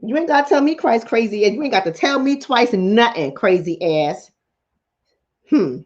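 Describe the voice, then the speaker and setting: A woman's voice: on the high side, expressive, normal speed, darkish tone, dull audio. Blunt, profane woman hosting a livestream. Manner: blunt, profane, talks straight to the chat. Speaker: mental health talk show host. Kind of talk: casual livestream chat.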